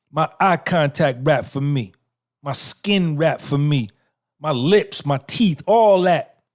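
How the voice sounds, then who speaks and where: A man in his fifties hosting a livestream podcast, talking to his chat in a boastful, profane, streetwise way. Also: fairly high pitch. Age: 50s. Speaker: podcast host. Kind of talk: boastful casual livestream talk, answering chat.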